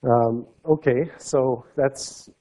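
A man giving an academic seminar talk, explaining step by step and letting his voice drop softly at the ends of phrases. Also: mid-range voice, steady tone, extremely slow, low-quality recording. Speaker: lecturer.

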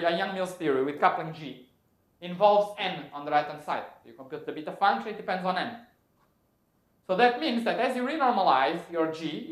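A man giving a technical physics lecture, explaining step by step and correcting himself as he goes. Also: fairly high pitch. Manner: thinks aloud, self-correcting, explanatory. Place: lecture hall. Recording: echoey lecture room.

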